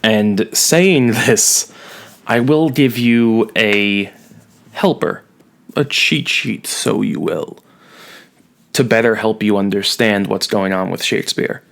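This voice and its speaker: A man's voice: lowish voice, slow pace, vocal fry, fairly bright tone. A man teaching a recorded online lesson, talking students through a poem with wry, self-mocking asides.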